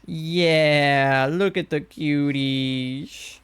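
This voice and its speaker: Young male streamer, excitable and gushing, slightly high and smooth voice, casual live commentary. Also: extremely slow. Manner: gushing, excitable, coos at cute creatures.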